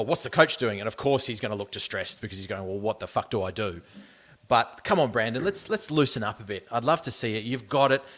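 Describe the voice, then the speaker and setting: Australian male co-host, animated and demonstrative, mid-pitched voice. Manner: animated, acts things out for listeners. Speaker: podcast co-host. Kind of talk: casual sports podcast chat.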